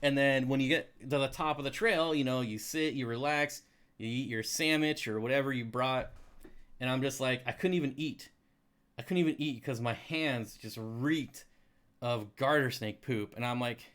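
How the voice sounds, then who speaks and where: A man's voice: medium pitch, fairly bright tone. Rambling, chatty man storyteller. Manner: rambling storyteller, many restarts and laughs. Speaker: live stream host. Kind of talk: casual chat.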